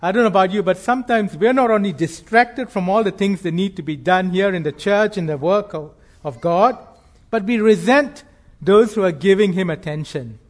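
A man preaching a sermon in an earnest, measured way, slowing down to stress key phrases. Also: high voice.

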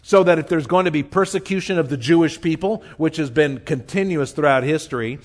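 A man preaching a sermon, reading scripture and explaining it earnestly, slowing down to stress his points. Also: fairly high pitch. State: tearful, choked up. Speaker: pastor.

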